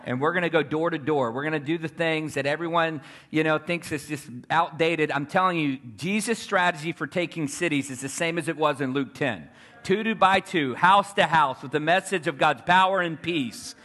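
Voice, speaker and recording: Man, preacher, fervent sermon, bright forceful tone, somewhat high pitch. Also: normal speed. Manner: fervent, call-and-response preaching.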